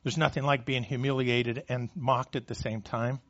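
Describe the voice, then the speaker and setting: A pastor with a medium-pitched, fairly bright voice preaches a sermon at normal speed with fairly even intonation, stumbling and repeating words as he begins phrases. His voice climbs when he reads scripture aloud, and the sound is lo-fi.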